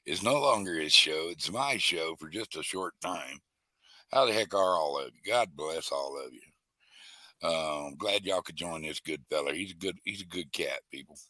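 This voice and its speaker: A man's voice: low-pitched, lively intonation, normal speed, pushed and bright, dry recording. A man chatting casually on a live stream, folksy, with a lot of stammering and restarts. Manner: folksy, stammering, greets chat by name. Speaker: guest co-host of a live stream.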